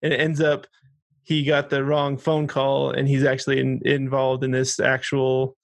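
A man, a parent and regular co-host, chatting casually and excitedly retelling funny movie scenes. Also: mid-range voice, normal speed, vocal fry, no room sound. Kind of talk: casual chat about a film.

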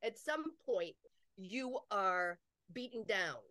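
A woman speaks in a relaxed interview chat, her voice sitting at a middle pitch. She presses her points by repeating short phrases and slips into quoted voices. The sound is dry and close, with no room around it. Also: slow, no room sound. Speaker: psychic medium guest.

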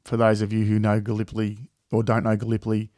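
In clean studio sound without room noise, an Australian man co-hosts a podcast, rambling casually, filling gaps with fillers and swearing often. He talks quickly in a fairly low, monotone, darkish voice.

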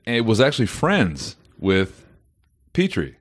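A man's voice: on the low side, huge pitch swings, takes it slowly, slightly rough, dry recording, studio quality. A man co-hosting a podcast, chatting bluntly and casually, swearing a lot and laughing as he talks. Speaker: guest co-host.

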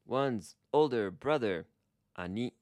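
A man co-hosting a casual podcast lesson, laughing often and slowly modeling Japanese phrases. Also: mid-range voice, lively intonation, darkish tone, dry recording. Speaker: Japanese language co-host.

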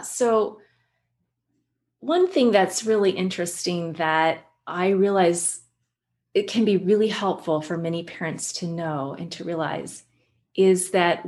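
A woman guest who works with children, explaining her work in an animated way and telling stories. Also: lowish voice. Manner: animated storyteller, acts out quotes. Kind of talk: conversational explanation with anecdotes.

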